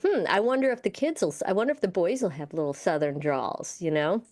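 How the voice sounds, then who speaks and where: A woman's voice: lowish voice, lively intonation, quick pace, a little mellow. A woman co-hosting a local radio show, chatting casually and reading news excerpts aloud with lots of fillers. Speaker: radio co-host. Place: radio studio.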